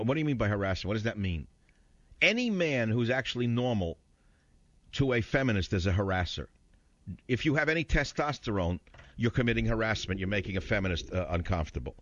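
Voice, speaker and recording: A man's voice: fairly low pitch, no echo, dull audio. A man hosting a talk radio show, combative and mocking as he rants about the news.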